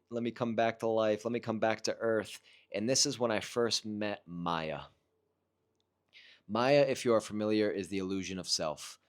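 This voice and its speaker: A man's voice: lowish voice, clear, resonant tone. A man earnestly recounting a personal experience to camera in a casual, reflective way, often restarting his sentences.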